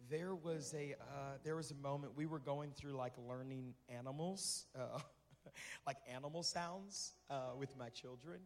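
A man's voice: mid-range voice, unhurried. A male pastor delivering a sermon in a conversational way, repeating phrases for emphasis. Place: church sanctuary. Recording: reverberant hall with music behind.

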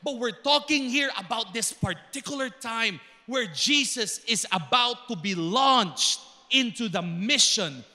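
A man preaching a sermon in a large church hall, animated, breaking into shouted calls to the congregation. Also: very high voice, a little slow. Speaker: pastor. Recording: long reverb of a big church hall.

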